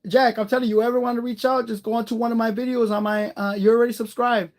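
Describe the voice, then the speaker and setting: Male streamer, relaxed and rambling, talks straight to his chat. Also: very high voice, quick pace. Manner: chatty, rambling, greets viewers by name; warm-hearted, encouraging. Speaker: live streamer. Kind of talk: casual live-stream chat.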